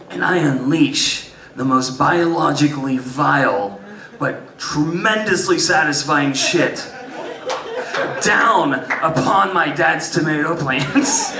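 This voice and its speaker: Brief: man, stand-up comic telling a story, lively pitch, higher voice, crowd laughing, roomy distant live sound. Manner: animated, swings between loud bursts and muttered asides. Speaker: stand-up comedian. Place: live music venue stage. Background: audience laughter.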